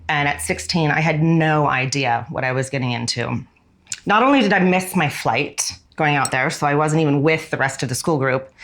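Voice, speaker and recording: A woman in her forties with a low voice recalls her past in a candid, unhurried way. She is a fashion designer from the United States, and she often lingers on words that matter to her. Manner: candid and reflective, often slowing down on key words. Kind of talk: reflective personal storytelling.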